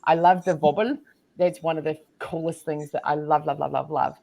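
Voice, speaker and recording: A woman from New Zealand, a guest entrepreneur in a casual interview, talking in a bubbly, animated way with sudden high exclamations. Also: moderate pace, creaky.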